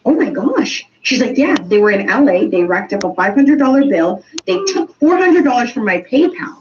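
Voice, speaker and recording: A woman with a fairly high voice tells stories in animated casual chat and laughs easily. She sits a little back from the mic, and the recording is dull and lo-fi with a faint hiss underneath. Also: moderate pace. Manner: animated storytelling, laughs often. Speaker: co-host and teacher. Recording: dull lo-fi sound, distant from the mic.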